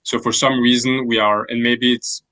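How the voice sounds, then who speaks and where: A man teaching ancient Greek grammar in an online class, explaining with pauses and restarts over a video call. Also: medium pitch, level tone, bright, forceful tone, rough recording. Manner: thoughtful, hesitant, many restarts. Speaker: language teacher.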